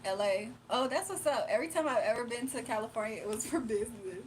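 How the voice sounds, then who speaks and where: Woman streamer with a Southern accent, higher voice, chatty and giggly, faint hiss in the mix. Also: fast talker, poor audio. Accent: Southern US, Virginia with Atlanta influence. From Virginia, USA. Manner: chatty, laughs often, reads chat aloud and answers. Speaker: livestreamer. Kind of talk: casual late-night live chat.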